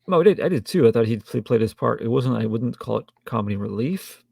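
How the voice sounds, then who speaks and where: A man co-hosting a podcast, chatting casually about a film with dry, wry humor and frequent halting restarts. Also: medium pitch, animated, vocal fry, darkish tone, breathy edge, no room sound. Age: adult with a child. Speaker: podcast co-host. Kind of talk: casual film review chat.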